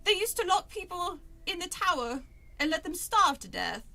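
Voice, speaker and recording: A woman's voice: very high-pitched, big pitch swings, moderate pace, creaky, pitched above the performer's own voice, exaggerated voice. A woman voicing a bossy young girl in a put-on British accent, scolding her little brother. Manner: sharp, scolding.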